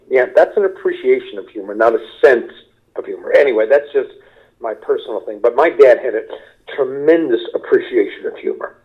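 An older man from Kentucky, a stand-up comedian being interviewed, telling unhurried anecdotes and mimicking people in quotes. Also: medium pitch, breathy edge, lo-fi sound. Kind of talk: relaxed storytelling interview.

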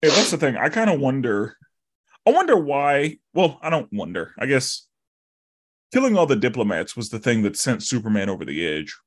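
A man hosting a podcast, chatting casually and acting out his own reactions with animated energy. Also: medium pitch, moderate pace. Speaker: podcast host. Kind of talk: casual chat.

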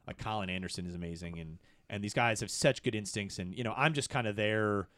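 Middle-aged man, low baseline voice, dry close sound, excitable storyteller for a casual podcast chat. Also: brisk, no echo. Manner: excitable storyteller, swings to high animated peaks. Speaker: podcast producer.

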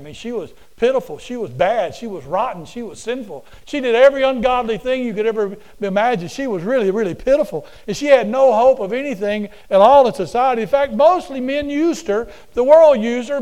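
Preacher man, high voice, folksy and animated, repeats himself telling a story. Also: fairly quick, few pauses, rough recording. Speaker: preacher and teacher. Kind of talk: storytelling sermon.

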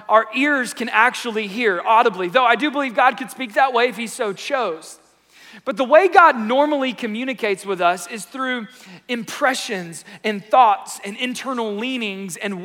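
A man in his thirties preaching a sermon in a lively, playful, conversational way. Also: high voice. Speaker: pastor. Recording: echoey church hall.

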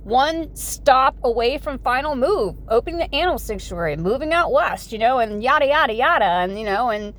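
Woman, forties, slightly high voice, folksy, rambling, casual vlog talk. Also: expressive, moderate pace, few pauses, fairly bright tone. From United States. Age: 40s. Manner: chatty, folksy, full of "you know" fillers and asides. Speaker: vlogger.

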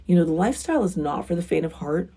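A woman's voice: lowish voice, lively intonation, fast, warm tone, breathy edge. A woman hosting a frank, casual advice monologue, talking bluntly and with emphasis. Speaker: relationship advice host.

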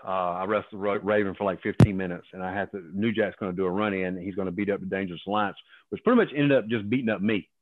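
A man in his fifties tells wild, profane stories as an interview guest and jumps into other people's voices. His voice sits low and comes through a thin, phone-like line. The sound is dry and close. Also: very fast, no echo. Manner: profane, animated, acts out other people's lines. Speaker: guest, former pro wrestler. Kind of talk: casual storytelling.

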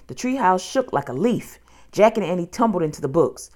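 A woman reading a children's book aloud, with steady, expressive storytelling. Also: lowish voice, a little fast.

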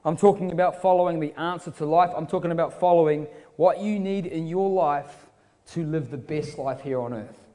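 A young New Zealand man with a New Zealand accent preaches a sermon full of casual storytelling and joking asides. His voice sits on the high side, with a warm tone and a normal speed. A long hall reverb colors the recording.

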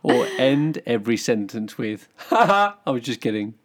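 A man co-hosting a casual podcast, relaxed and jokey, who also reads out the show's sign-off. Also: medium pitch, moderate pace. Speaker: podcast co-host. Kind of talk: casual chat.

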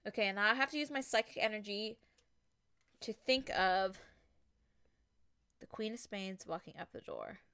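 A young woman vlogging a spooky ritual with a friend, talking casually and getting excitable and shrieky. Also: mid-range voice, moderate pace, pauses often, smooth, no room sound. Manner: excitable, shrieks and laughs when scared.

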